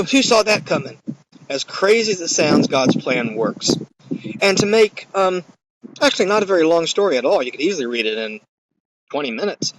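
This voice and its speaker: A man's voice: fairly high pitch, background noise. A man giving a recorded course lecture in a conversational, emphatic way, with occasional fillers.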